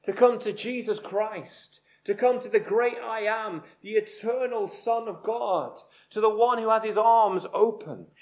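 Slow, high-voiced male preacher. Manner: deliberate, emphatic preaching with slow repeated phrases. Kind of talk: sermon.

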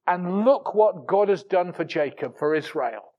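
Male preacher, higher-toned, emphatic sermon delivery with repeated words. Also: lively intonation, measured pace, highs cut off. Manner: emphatic preaching, rising to forceful peaks and dropping low for asides; repeats words and restarts phrases.

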